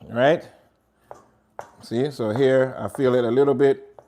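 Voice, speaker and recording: A man with a Jamaican accent hosts a relaxed cooking demo from his home kitchen. He chats directly to his viewers as he works, in an easygoing, talkative manner. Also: mid-range voice, unhurried. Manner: chatty, talks straight to viewers. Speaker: cooking show host. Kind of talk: casual cooking demonstration.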